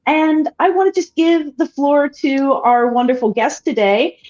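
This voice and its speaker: A woman's voice: high voice, measured pace. A woman hosting a science livestream, asking questions and thanking the audience with enthusiasm. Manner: enthusiastic, warm interjections. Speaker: livestream host. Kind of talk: livestream interview. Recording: dull, muffled audio.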